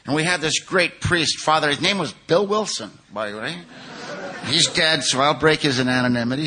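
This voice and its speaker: Bright-voiced older man, candid storyteller. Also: on the high side. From California. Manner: candid, self-mocking storytelling that swings from hushed to loud. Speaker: recovery speaker. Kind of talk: personal testimony at a twelve-step conference.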